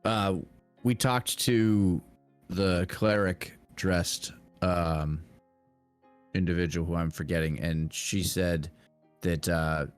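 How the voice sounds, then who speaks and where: Deep-voiced hesitant man at a game table. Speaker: player.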